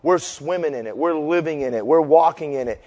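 Preaching as pastor, a man in his 50s tells loud stories, shouts his punchlines, then goes low and slow when making his point. The recording is muffled and has a big-room sound.

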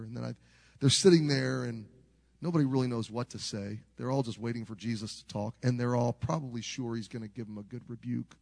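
An older man preaching a storytelling sermon, animated, swinging from loud to hushed, with a gravelly voice. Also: mid-range voice.

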